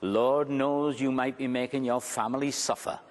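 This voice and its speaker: A man giving a conference talk as a magician, telling a story in an animated way and repeating his key phrases for emphasis. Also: medium pitch, moderate pace. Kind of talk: storytelling lecture. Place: large conference hall. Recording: long hall reverb.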